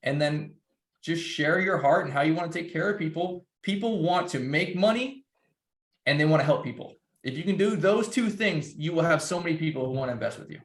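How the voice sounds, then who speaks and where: A man's voice: fairly high pitch, a little fast, echoey room. A man speaking in a loose, rambling way, with many restarts, as a guest speaker. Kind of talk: casual presentation.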